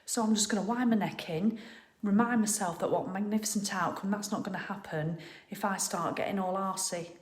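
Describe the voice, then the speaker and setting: Her voice is husky and medium-pitched, and she talks fairly quickly. A middle-aged woman streaming live from her living room, she chats with viewers in a cheerful, blunt way, laughing and swearing mildly.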